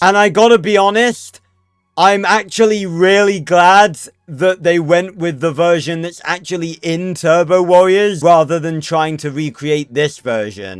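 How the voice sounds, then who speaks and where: A man's voice: high voice, clear, resonant tone, no echo, clean studio sound. A man hosting a casual video commentary, chatty and opinionated. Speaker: video host.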